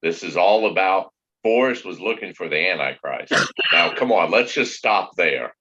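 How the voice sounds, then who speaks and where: A man's voice: sits low, animated, moderate pace, pushed and bright, slightly rough, muffled recording. A man rambling and joking as a guest in a casual live-stream chat, teasing the host.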